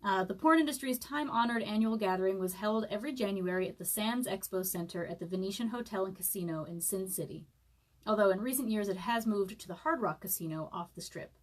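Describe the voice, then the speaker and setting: A woman's voice: mid-range voice, quick pace. Chatty hungover woman live-streaming. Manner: chatty and self-deprecating, many fillers, laughs often. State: hungover, eating saltines and sipping broth. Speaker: author live-streaming a reading of her book. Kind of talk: casual live-stream chat and book reading.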